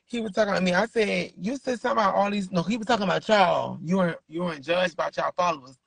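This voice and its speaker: High gravelly gossiping man. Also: quick pace, no room sound. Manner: gossipy storyteller, quotes others. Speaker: co-host. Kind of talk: casual chat.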